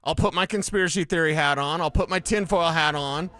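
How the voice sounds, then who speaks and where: A man from Colorado co-hosting a sports talk radio show, animated and theorizing, acting out quotes into a studio microphone. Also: fairly high pitch, a little fast.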